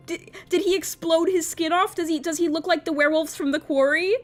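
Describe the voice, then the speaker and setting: A young woman streaming a game, reacting excitably and rambling with stammers. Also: extremely high pitch, fairly quick.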